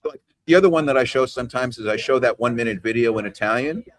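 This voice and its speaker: A man leads a training session over a video call. His speech is loose and chatty, and he keeps tagging "right?" onto his points. His voice sits at an ordinary pitch for a man. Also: fast, dry recording. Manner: conversational, peppers talk with "right?" and "you know". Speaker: trainer leading a team call. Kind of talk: casual coaching talk on a video call.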